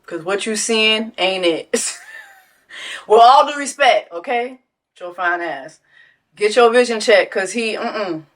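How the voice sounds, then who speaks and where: A woman hosting a casual reaction commentary, loud and profane, breaking into laughter and talking straight to her viewers. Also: medium pitch, expressive, takes it slowly. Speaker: host.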